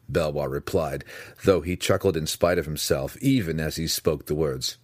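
A man narrating a fantasy novel as an audiobook, in a measured, expressive storytelling manner. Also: very deep voice, no echo, clean studio sound.

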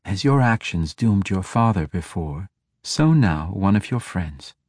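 A man reading a fantasy audiobook, voicing a cruel, mocking female dark elf who taunts her captive. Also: deep voice, lively intonation, a little slow, no room sound, studio quality. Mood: taunting. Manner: taunting, coaxing, menacing.

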